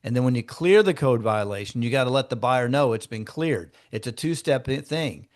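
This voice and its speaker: A man's voice: mid-range voice, expressive, moderate pace, a little mellow. A man who is a real estate broker, leading a training session for a group and teaching through conversational stories from his own deals. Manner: conversational, acts out client dialogue in shifting tones. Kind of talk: instructive storytelling to a group.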